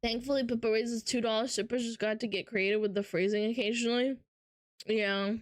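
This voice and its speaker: A woman's voice: on the high side, fairly even intonation, fairly quick, dry recording, clean studio sound. A woman streamer chatting casually with her viewers, joking and swearing and laughing often. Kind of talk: casual live-stream chat.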